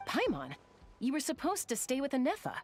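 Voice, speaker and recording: Young game ally, sincere, lively intonation. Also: female voice, sits high, a little fast, soft background music. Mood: scolding.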